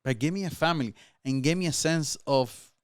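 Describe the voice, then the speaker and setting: A man's voice: a little high, fairly quick, smooth, no room sound, clean studio sound. Fervent man with a Dominican Spanish accent. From Dominican Republic. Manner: fervent, urging, tags lines with "right?". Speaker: guest. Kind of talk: casual political chat.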